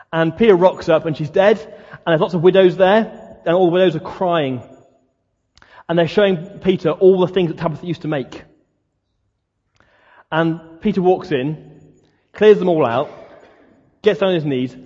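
A man's voice: a little high, darkish tone, slightly rough. A man preaching a sermon, talking conversationally and asking the listeners many questions. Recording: dull lo-fi sound, long hall reverb.

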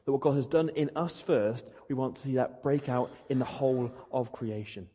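A man's voice: mid-range voice, moderate pace, mellow, husky. A man preaching a sermon, acting out questions and prayers in a rhetorical way. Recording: dull echoey hall.

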